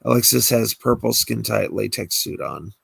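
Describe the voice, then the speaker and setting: A male screenwriter reads the stage directions of his own screenplay aloud, plainly and briskly. His voice is low, gravelly and husky, recorded dry and close. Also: lively intonation, fairly bright tone, dry recording.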